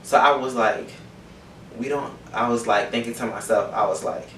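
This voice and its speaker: A man's voice: medium pitch, normal speed, fairly bright tone, slight background noise. A young man casually telling a personal story to camera, candid and profane, getting emotional at times. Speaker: vlogger. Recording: roomy audio from a distance.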